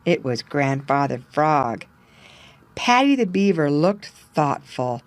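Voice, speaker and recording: A woman reading a children's animal story aloud in clear, measured narration. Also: deep voice, big pitch swings, no room sound.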